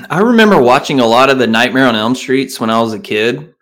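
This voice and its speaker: A man's voice: mid-range voice, a little fast, fairly bright tone. A man with a Southern accent, co-hosting a podcast in a laid-back, rambling casual chat. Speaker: podcast co-host.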